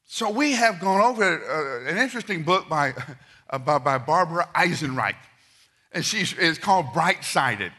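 A middle-aged man preaching a sermon, telling stories and swinging from loud, quick asides to hushed, slow lines. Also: on the high side.

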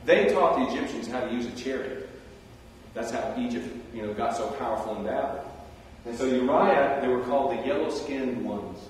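A man delivers a sermon in a loose, conversational storytelling manner, tossing in animated asides. His voice rings through a large, echoing hall with a long tail of reverb. The mic sits well back from him. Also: mid-range voice, normal speed, slight background noise. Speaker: preacher. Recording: roomy hall, distant mic.

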